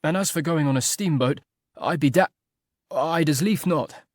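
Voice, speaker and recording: A man reading an audiobook voices a young, earnest secretary who answers in a hurried, flustered way. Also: on the high side, no room sound, studio quality, voice pushed up, natural voice.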